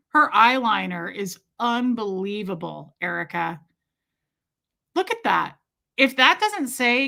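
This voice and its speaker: A woman's voice: a little high, expressive, slow pace, vocal fry, pushed and bright. A woman hosting a casual livestream, chatty and gushing as she greets viewers by name. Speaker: livestream host. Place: Kansas City area.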